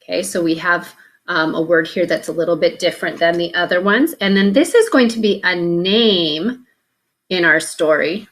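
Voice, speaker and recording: A woman's voice: lowish voice, moderate pace, a bit bright. A woman teaching a phonics lesson, patiently sounding out letters one at a time and breaking words into syllables.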